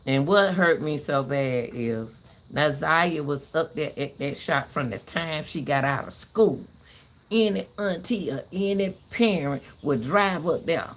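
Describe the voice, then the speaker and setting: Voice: medium pitch, a bit bright, a little hiss or hum. A host giving a heated commentary rant, repeating herself and cursing as she vents. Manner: fiery, repeats herself, cusses.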